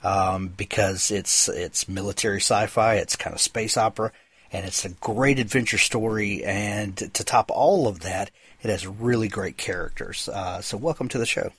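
A male podcast host with a low, husky voice, chatting eagerly with a guest and scattering fillers through his questions. The sound is dry and close. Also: moderate pace, a bit bright, no echo. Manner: enthusiastic, filler-heavy. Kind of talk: casual interview chat.

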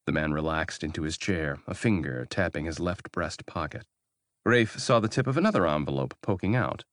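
A man reading narration from a science fiction audiobook in a measured storytelling manner. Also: a bass voice, very animated, no room sound, clean studio sound. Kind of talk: scripted narration.

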